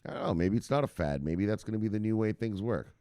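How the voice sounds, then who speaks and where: Deep-voiced profane crypto news host. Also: male voice, lively intonation, fast, dark tone, smooth, dry recording, clean studio sound. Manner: profane, rambling, reads articles and riffs on them. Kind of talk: casual news commentary with reading aloud.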